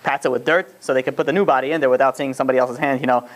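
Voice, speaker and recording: A man's voice: medium pitch, fairly even intonation, rapid-fire. A man teaching a religious lesson in a casual, rambling storytelling way, full of fillers and restarts. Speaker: Torah teacher.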